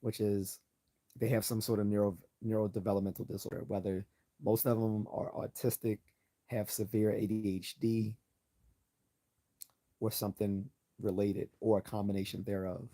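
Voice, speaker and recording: Male livestream host, hoarse, low and mellow-toned, blunt and sarcastic. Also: little pitch movement, normal speed. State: hoarse, losing his voice. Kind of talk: opinionated late-night livestream commentary.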